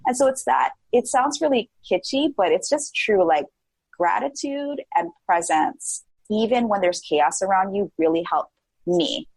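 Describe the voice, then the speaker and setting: A woman in her forties, a podcast guest, talking in a casual and animated way with lots of "like" fillers, often acting out her own past thoughts. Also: medium pitch, a little slow, slightly rough, no room sound, poor audio. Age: 40s. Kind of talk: casual interview chat.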